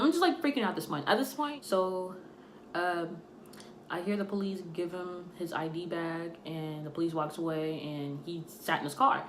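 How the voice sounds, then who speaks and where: A young woman telling a storytime tale in a casual, animated way, acting out the voices of the people in it. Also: on the low side, moderate pace. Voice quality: animated, acts out quoted voices. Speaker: storytime vlogger. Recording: echoey room, faint noise.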